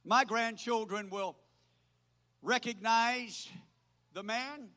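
An older man preaching a sermon as pastor, swinging from loud proclaiming to quiet asides. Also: sits high, takes it slowly, long pauses. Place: church. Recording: hall reverb.

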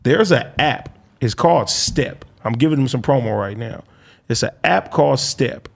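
A man from Los Angeles with an LA accent, a podcast guest telling profane, animated stories in casual chat. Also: mid-range voice, moderate pace, vocal fry. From Los Angeles, California.

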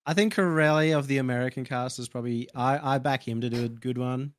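A man's voice: medium pitch, fast talker, slight background noise. A man with an Australian accent, a caster chatting casually on a panel and giving candid opinions.

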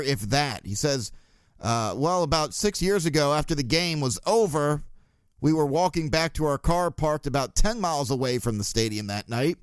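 A man's voice: on the high side, clear, resonant tone, dry recording, studio quality. A man hosting a casual sports podcast, blunt and swearing, with chuckling asides. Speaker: podcast host.

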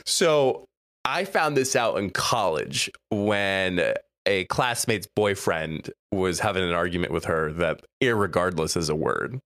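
Animated man reading a word list. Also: low-pitched, measured pace, no room sound, studio quality. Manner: animated, laughs often, reads quotes with mock gravity. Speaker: podcast co-host. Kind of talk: casual chat, reading list entries aloud.

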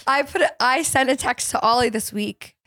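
A woman's voice: high-pitched, normal speed, a bit bright, no room sound, clean studio sound. A woman co-hosting a podcast in casual chat, playful, joking and swearing freely. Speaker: podcast co-host.

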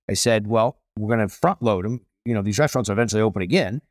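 A man's voice: on the low side, fast, no echo, studio quality. A middle-aged man, a celebrity chef guest, telling stories with energy and emphasis in a casual conversation.

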